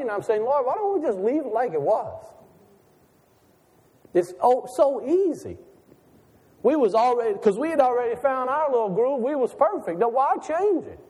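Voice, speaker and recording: A man's voice: high-pitched, warm tone. A man preaching a sermon as pastor, in a folksy, conversational way full of rhetorical questions, recorded in a church. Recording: long reverb of a large hall.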